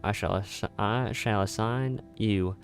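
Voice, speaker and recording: A man voicing a solemn male guildmaster of healing mages in a put-on general Southern US accent, reading game dialogue aloud with formal, measured delivery. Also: on the low side.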